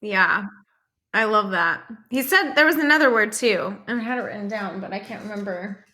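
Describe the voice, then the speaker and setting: A woman's voice: mid-range voice, moderate pace, bright, forceful tone. A woman co-hosting a podcast in casual chat, giggly and encouraging. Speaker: podcast co-host.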